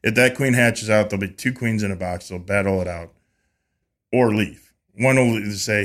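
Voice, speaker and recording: At a normal speed, a male podcast guest who is a beekeeper spins a relaxed, talky story in a somewhat deep voice. Dialogue he quotes comes out in lively impressions, and he regularly repeats words or starts over mid-thought.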